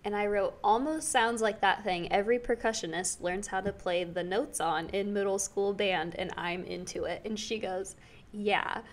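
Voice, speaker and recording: A woman's voice: mid-range voice, steady tone, moderate pace. A young woman co-hosting a casual podcast, chatty and jokey, laughing often. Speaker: podcast co-host. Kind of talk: casual chat.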